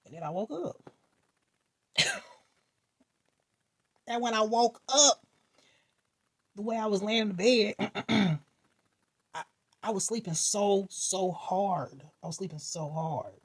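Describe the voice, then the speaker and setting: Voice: mid-range voice, slow, pauses often, husky. A vlogger casually telling a funny dream, acting out reactions, laughing often and swearing freely. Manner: animated, acts out voices and reactions, laughs often.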